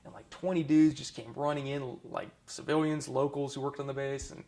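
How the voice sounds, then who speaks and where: A man's voice: medium pitch, little pitch movement, brisk, warm tone. A man in his thirties, a former army dentist, telling his stories in a casual oral history interview, with many restarts and fillers.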